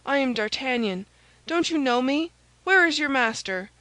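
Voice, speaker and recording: A woman's voice: a little high, moderate pace, a bit bright, no echo, lightly acted, rough recording. Woman doing an agitated young swordsman, audiobook, urgent. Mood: impatient.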